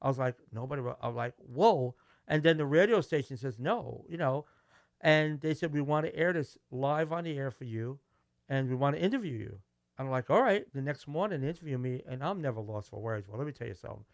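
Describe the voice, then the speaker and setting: A man's voice: mid-range voice, fairly quick, no echo. A middle-aged man with a Brooklyn New York accent, telling stories animatedly as a musician guest in a casual interview. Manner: animated, acts out quoted dialogue, restarts.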